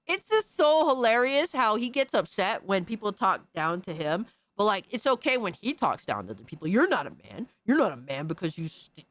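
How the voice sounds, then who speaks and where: A man's voice: high-pitched, very animated, moderate pace, a bit bright, no room sound. A man hosting a stream, ranting in a blunt, profane and mocking way full of slang. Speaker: streamer host. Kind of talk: casual profane rant.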